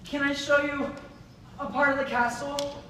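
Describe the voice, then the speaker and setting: A man's voice: extremely high pitch, normal speed, slight background noise. A young man playing a naive, eager prince. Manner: childlike, excitable. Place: school theatre stage. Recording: echoey hall, recorded from far off.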